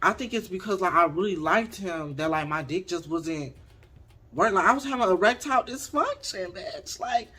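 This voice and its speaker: A man of twenty casually telling a candid storytime to his viewers, talking straight to them in an expressive way. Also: high-pitched, moderate pace, breathy edge. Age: 20s. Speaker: vlogger.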